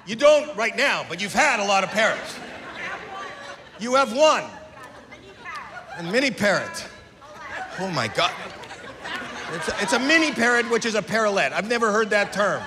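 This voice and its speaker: An older man works the crowd from a comedy club stage, his high voice rising into incredulous shouts. The stage mic carries a long reverb, with a loud audience and steady room noise behind him. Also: moderate pace, pauses often. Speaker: stand-up comedian. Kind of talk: stand-up crowd work. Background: laughing crowd.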